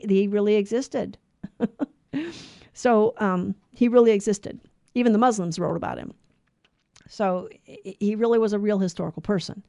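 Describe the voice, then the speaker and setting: A woman's voice: on the high side, a little mellow, no echo. A middle-aged woman co-hosting a Catholic radio Bible study, talking in an earnest, conversational way with frequent restarts.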